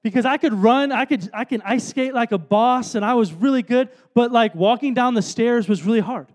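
A man in his thirties tells his story from the stage in a relaxed sermon. He talks in a rambling, self-deprecating way with plenty of fillers, and his voice sits high for a man. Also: normal speed. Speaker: speaker at a worship event.

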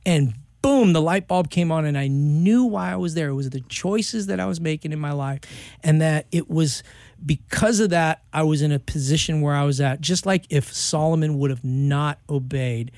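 Animated storytelling man, slightly high voice. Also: normal speed, no echo, clean studio sound. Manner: acts out quoted voices, jumping high in pitch; loose, slangy, full of fillers. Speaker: interview guest, professional skateboarder.

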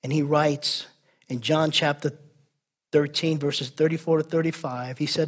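A man preaching with a husky, slightly rough voice that sits high for a man. He speaks earnestly and conversationally, repeating words and throwing in asides as he teaches his congregation. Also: fairly even intonation, measured pace. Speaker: pastor. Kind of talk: sermon.

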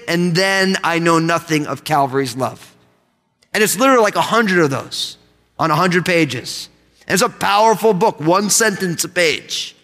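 A man preaching to his congregation in a high, bright voice that rings out. He is animated and pulls the crowd into call-and-response. The sound carries a long reverb from the church hall. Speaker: pastor. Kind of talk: sermon. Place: church sanctuary.

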